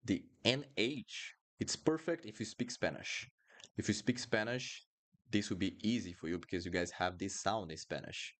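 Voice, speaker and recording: A man teaching a live online lesson, drilling sounds slowly and asking viewers questions. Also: on the low side. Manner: lively and encouraging, drills sounds slowly, asks the chat questions. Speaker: Portuguese teacher.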